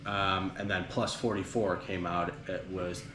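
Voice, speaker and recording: A man's voice: low-pitched, flat delivery, a little slow. A man hosting a casual podcast, retelling band history in a rambling way with lots of fillers. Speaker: podcast host. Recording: echoey room with background noise.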